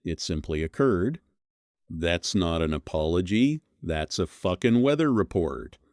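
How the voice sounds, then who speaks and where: A man's voice: deep voice, lively intonation, unhurried, darkish tone, no room sound, studio quality. A man delivering a scripted commentary monologue, blunt and scornful, leaning hard on single words. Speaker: commentary host.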